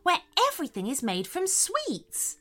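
A woman's voice: sits high, huge pitch swings, measured pace, fairly bright tone, pitched above the performer's own voice, exaggerated voice. A woman voicing a sweet, welcoming little girl wizard made of candy magic in a children's storybook.

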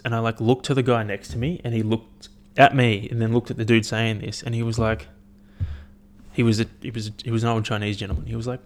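A man's voice: mid-range voice, flat delivery, brisk. Profane, rambling young man. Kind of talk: casual solo rant.

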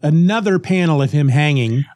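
A man co-hosting a chatty podcast, retelling a comic plot with animated energy and frequent restarts. His voice sits a little high for a man. The sound is dry and close, with no room echo. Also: normal speed. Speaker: podcast co-host. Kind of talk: casual chat retelling a comic story.

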